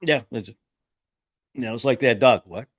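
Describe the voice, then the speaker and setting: Speaking at a moderate pace with a medium-pitched voice, a man hosts a casual live stream in clean studio sound with no room noise. He rambles and jokes, acting out quotes while telling stories.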